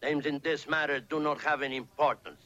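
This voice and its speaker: An actor playing a sorrowful old village elder, speaking slowly and gravely in an old film. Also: male voice, on the high side, steady tone, dull audio. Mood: somber. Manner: slow, grave, measured. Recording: film soundtrack with loud score.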